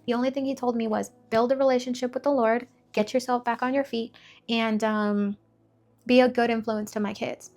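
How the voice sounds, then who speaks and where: A young woman shares her personal testimony in a frank, chatty manner, her voice gravelly with fry. She sits a little high in pitch and talks bluntly, peppering her story with filler words. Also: steady tone, normal speed, darkish tone. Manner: candid and conversational, many filler words, blunt language. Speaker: faith testimony speaker.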